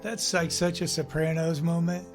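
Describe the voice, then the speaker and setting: A man co-hosts a loose podcast chat, his voice a little higher than most. He rambles easily through his stories and keeps saying "you know". Faint music runs underneath. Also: flat delivery, normal speed. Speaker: podcast co-host. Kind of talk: casual chat.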